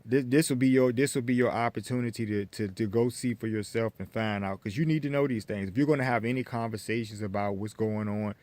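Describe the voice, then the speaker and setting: An American man giving an opinion monologue to his viewers, lecturing them with many halting restarts. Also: fairly low pitch, darkish tone, no echo. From United States. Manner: lecturing, repetitive restarts, addresses viewers as folks. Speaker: vlogger.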